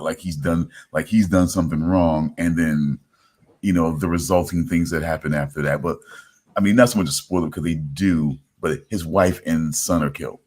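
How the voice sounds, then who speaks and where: A man's voice: extremely low pitch, a little mellow, slightly rough. A man hosting a casual podcast chat, rambling with lots of restarts and "you know what I'm saying". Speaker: podcast host.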